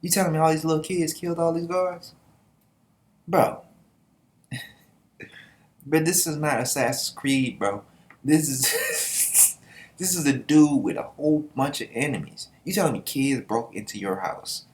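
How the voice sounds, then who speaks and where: A man's voice: on the high side, a little slow, pauses often. A young man giving casual, sarcastic manga reaction commentary and laughing often.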